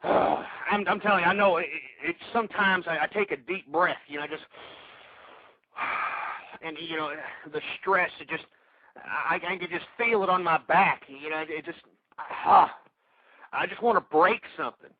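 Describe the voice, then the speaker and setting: A man's voice: fairly high pitch, moderate pace, no room sound. A man hosting a call-in talk radio show, ranting angrily at his listeners, insulting them and stammering through restarts. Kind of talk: angry political talk radio rant. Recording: tinny phone-like radio audio.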